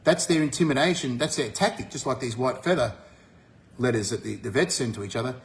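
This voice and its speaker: A man's voice: mid-range voice, expressive, a little fast. Blunt Australian man, swearing freely. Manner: forceful, swears freely, rises sharply when fired up. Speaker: vlogger. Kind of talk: blunt monologue to camera.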